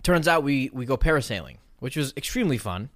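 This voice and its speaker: A man co-hosting a casual chat, telling animated stories and swearing freely. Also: mid-range voice, quick pace, no echo, studio quality. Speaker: podcast co-host.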